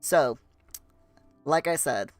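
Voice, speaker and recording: A man hosts a game livestream from a home setup, his voice a touch higher than usual. He rambles and restarts with plenty of fillers and slips in and out of a put-on, admittedly poor Scottish accent. The desk microphone sound is close and dry. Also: lively intonation, slow, no echo, soft background music. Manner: chatty, full of fillers and restarts. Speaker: livestream host. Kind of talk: casual livestream chat.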